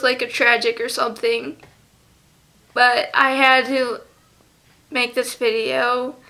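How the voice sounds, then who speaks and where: Teen girl on the verge of crying, talks slow and halting, bright high voice, lots of "you know". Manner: halting, soft, full of fillers. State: close to tears. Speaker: vlogger. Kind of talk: tearful memorial vlog.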